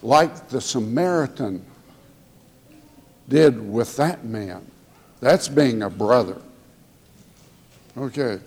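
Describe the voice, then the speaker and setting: A man preaching a sermon in a church, speaking slowly and getting emotional as he tells the congregation he loves them. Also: mid-range voice, a little mellow, slightly rough. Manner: slow, emotional, tender preaching. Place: church sanctuary. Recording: long hall reverb.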